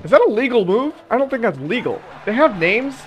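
A man's voice: extremely high pitch, very animated, fairly quick, muffled recording. A young man giving casual, joking commentary as he plays a video game, chatty and self-mocking. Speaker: gaming channel host. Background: game music.

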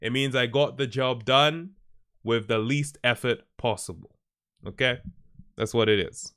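A man's voice: medium pitch, measured pace, a bit bright, clear, resonant tone. A man livestreaming who chats casually with his viewers, laid-back and often chuckling as he reacts to their posts. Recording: stream with faint background music.

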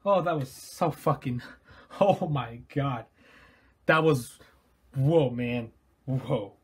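Excitable, swearing male gamer. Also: medium pitch, slow pace, husky. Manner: excitable, swears a lot, shouts and laughs. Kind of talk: let's play commentary.

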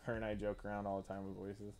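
A man's voice: fairly low pitch, completely flat delivery, quick pace, darkish tone. A man hosting a live drawing stream, chatting casually and laughing often. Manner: jokey, laughs often, puts on silly voices. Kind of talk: casual chat while drawing.

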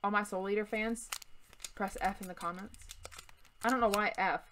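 A woman's voice: mid-range voice, fairly even intonation, moderate pace, fairly bright tone. A young woman hosting a card-opening vlog, chatting casually in a jokey, self-deprecating way. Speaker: YouTube host opening trading card packs. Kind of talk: casual chat.

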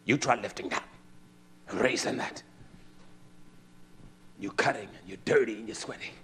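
A man preaching with fire, cursing and swinging from shouts to hushed asides. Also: lowish voice, moderate pace, slight background noise. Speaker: religious teacher. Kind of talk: impassioned preaching.

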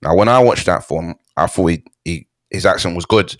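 Low-voiced guy, calm measured podcast talk, dry sound. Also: no room sound. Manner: calm, measured, mildly defensive. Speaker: podcast co-host. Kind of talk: casual movie-review chat.

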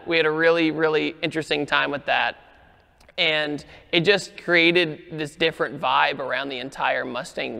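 A man telling a car story in a casual, animated way, acting out the quoted lines. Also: creaky, long reverb tail. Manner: animated, acts out quoted lines with rising pitch.

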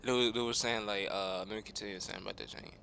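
A man's voice: fairly low pitch, steady tone, fast talker, creaky, bright, forceful tone, a little hiss or hum. A young man casually commenting on a game he is playing, rambling in slang and chatting to his viewers. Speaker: gaming streamer.

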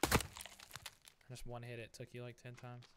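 A man's voice: medium pitch, monotone, unhurried, bright, forceful tone. A man hosting a let's play in casual gaming chat, bossing his teammates around. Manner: bossy, directing teammates.

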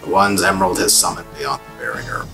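A man's voice: sits low, a little fast, creaky, over music, rough recording. A man hosting a let's play, rambling, laughing and swearing freely as he comments. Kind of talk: casual gaming commentary.

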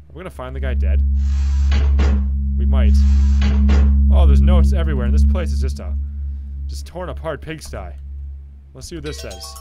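Animated man playing a horror game. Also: fairly high pitch, a little fast, pauses often. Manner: animated, jokey, reacting loudly and reading notes aloud. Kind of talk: let's play commentary. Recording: loud game music behind voice.

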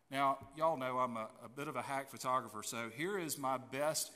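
This pastor's sermon is chatty and folksy, his sentences often starting over. He has a mid-range voice with a bright, forceful tone, heard in a church sanctuary with long hall reverb.

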